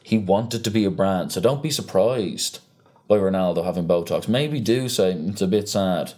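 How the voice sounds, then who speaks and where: A young man chatting casually on a podcast, ranting with animated energy and free swearing. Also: low voice, normal speed. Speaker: podcast co-host. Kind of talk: casual chat.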